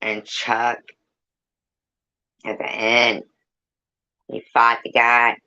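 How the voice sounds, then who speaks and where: A woman's voice: very deep voice, takes it slowly, creaky, long pauses, bright, forceful tone, muffled recording. A woman hosting a live stream, chatting with viewers in a rambling, swearing, casual way. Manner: rambling, swears a lot, sings snatches. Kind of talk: casual chat.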